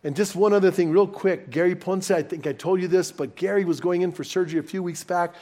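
A man preaching as a pastor, telling personal stories to his congregation with lively, rising excitement. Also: high voice, quick pace. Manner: animated, personal anecdotes told warmly to a congregation. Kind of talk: sermon storytelling.

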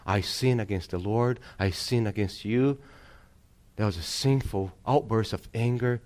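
A man voicing a remorseful mother in a sermon story, speaking softly and pleading with her family for forgiveness. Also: fairly low pitch, measured pace, close to an everyday voice. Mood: pleading, contrite. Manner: soft, pleading, contrite.

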